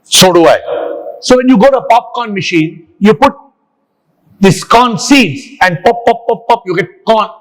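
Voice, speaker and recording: A man's voice: high-pitched, expressive, moderate pace, poor audio. A man giving a motivational talk in an interview, punchy and repetitive with word-play and acronyms. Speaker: guest speaker on the mind and life.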